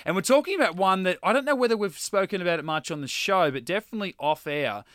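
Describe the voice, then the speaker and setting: Male podcast host, bright and a touch high, dry close mic, chatty and playful. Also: animated, fast talker, dry recording. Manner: chatty, reads episode blurbs aloud playfully. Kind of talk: casual podcast chat.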